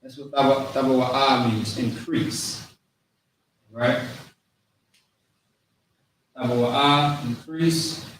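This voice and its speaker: A man teaching a language class, slowly repeating each word and its meaning, in an informal way with many fillers. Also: medium pitch, a bit bright, a little hiss or hum. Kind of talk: classroom lesson. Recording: very echoey room, distant mic, faint ambience.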